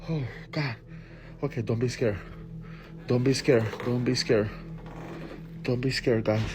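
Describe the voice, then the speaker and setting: A man filming himself on a phone at home at night, talking in a hushed, shaky voice and swearing under his breath. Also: medium pitch, fairly even intonation, unhurried, over music. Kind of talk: scared handheld night vlog. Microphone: phone camera. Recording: noisy phone video recording.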